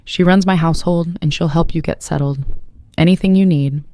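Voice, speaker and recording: A narrator voicing a protective mafia boss, a man who speaks in a calm, measured way. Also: mid-range voice, dry recording, close to an everyday voice. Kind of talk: scripted audiobook narration.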